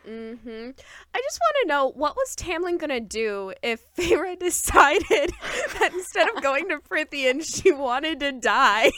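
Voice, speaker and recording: A woman co-hosting a casual book-chat podcast, animated and giggly, reading quotes aloud. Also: sits high, unhurried. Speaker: podcast co-host.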